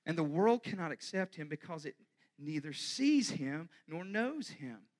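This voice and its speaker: A man playing Jesus in a sermon, earnest and pledging his mission, rising to impassioned shouts. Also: fairly high pitch, sing-song, unhurried, voice pushed up.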